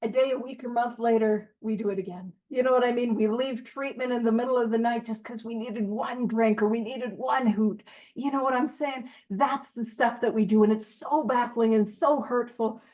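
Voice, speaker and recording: A woman with a high, light voice leads a recovery book study. She reads passages aloud and unpacks them in a chatty, joking way. The sound is a bit dull and lo-fi. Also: steady tone, normal speed. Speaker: big book study leader. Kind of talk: casual recovery study talk.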